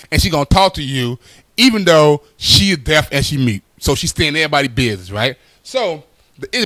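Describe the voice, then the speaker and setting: Animated male comedian, dry close sound. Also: on the high side, no echo. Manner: loose, conversational, tags lines with "right?". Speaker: stand-up comedian. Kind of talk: stand-up storytelling.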